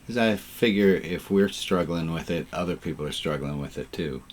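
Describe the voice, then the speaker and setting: A man's voice: low-pitched, fairly even intonation, moderate pace, a little hiss or hum. A man leading an informal online service as rabbi, chatting and cracking puns with his congregation over a video call. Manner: jovial, punning, chatty with the congregation.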